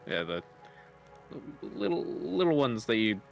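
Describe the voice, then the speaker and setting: A man's voice: medium pitch, sing-song, unhurried, gravelly, muffled recording, soft background music. A man playing a game with friends in casual chat, making wry joking asides. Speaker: co-player.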